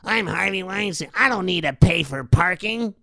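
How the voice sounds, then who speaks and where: A man putting on an impression of an entitled, crude male Hollywood mogul who boasts and shouts. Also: high-pitched, expressive, moderate pace, creaky, no room sound, studio quality, voice pushed up, heavily acted. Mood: bullying.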